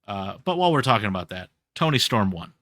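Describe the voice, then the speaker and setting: Bright-voiced man hosting a podcast. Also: lowish voice, fast, no echo, clean studio sound. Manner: animated storytelling, recapping wrestling events. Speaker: podcast co-host. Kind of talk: casual chat.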